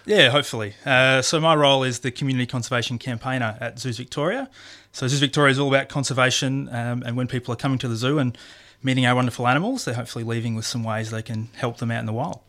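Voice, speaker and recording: A man's voice: mid-range voice, fairly even intonation, quick pace, a bit bright. A man with an Australian accent, a conservation campaigner explaining his work in a friendly radio interview.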